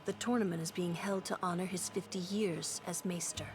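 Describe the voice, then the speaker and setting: Lady voicing a calm game character explaining stuff, lowish voice, music behind. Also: a little fast, close to an everyday voice.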